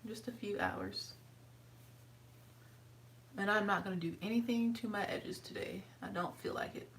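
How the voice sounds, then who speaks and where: A woman vlogger talks chattily through her hair routine as she works, switching to a high, sweet voice for her dog. Her voice is sing-song at a moderate pace, but the mic is distant and the poor audio carries a little hiss or hum.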